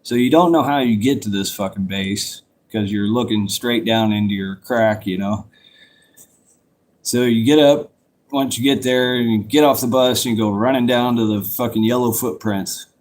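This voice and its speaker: A man's voice: mid-range voice, normal speed, darkish tone. A man telling a rambling, casual story, swearing freely and circling back on himself. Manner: rambling, profane, loose and conversational. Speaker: vlogger telling a life story.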